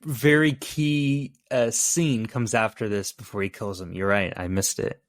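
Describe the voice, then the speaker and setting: A man's voice: lowish voice, unhurried, no echo. Laughing man in dry podcast chat. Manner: animated, laughing while quoting scenes. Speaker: podcast co-host. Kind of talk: casual film-review chat.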